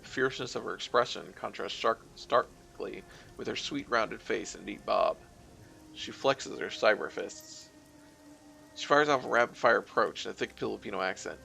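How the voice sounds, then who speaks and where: Gravelly man reading a game aloud. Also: lowish voice, normal speed, bright, forceful tone, faint music behind. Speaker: streamer.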